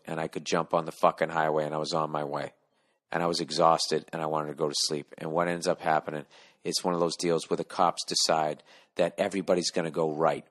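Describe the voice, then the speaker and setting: A middle-aged American man hosting a podcast, telling a profane, animated comic story and acting out the people in it. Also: low-pitched. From United States. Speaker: podcast host. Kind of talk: casual comedic monologue.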